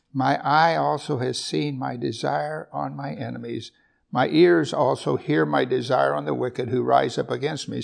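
A man's voice: medium pitch, vocal fry. A man preaching a conversational Bible sermon, often asking his listeners rhetorical tag questions.

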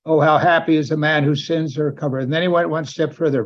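Male preacher, fairly high voice, animated sermon delivery with rising exclamations; dull lo-fi church recording. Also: quick pace, few pauses.

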